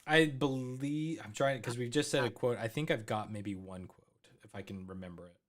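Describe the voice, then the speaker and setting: A man's voice: mid-range voice, normal speed. A man co-hosting a casual movie podcast, speaking thoughtfully and trailing off as he recalls scenes. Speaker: podcast co-host.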